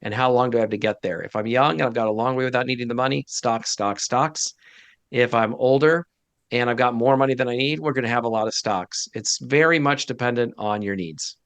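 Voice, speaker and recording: A man's voice: mid-range voice, fast, a bit bright, clear, resonant tone, dry recording. A man speaking as a guest financial advisor in a casual interview, direct and emphatic with blunt opinions.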